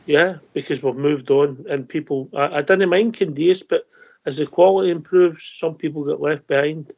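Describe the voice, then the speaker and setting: A man's voice: fairly high pitch, normal speed, creaky, darkish tone. A man co-hosting a radio football show, chatty and teasing in casual chat. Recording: dull lo-fi broadcast audio.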